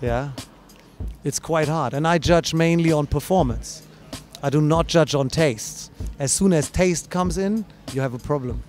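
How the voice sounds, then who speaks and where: Soft music plays behind a man whose voice sits on the high side, unhurried and a little mellow. He judges breakdancing and, interviewed at a dance event, explains his judging at length with plenty of fillers and restarts.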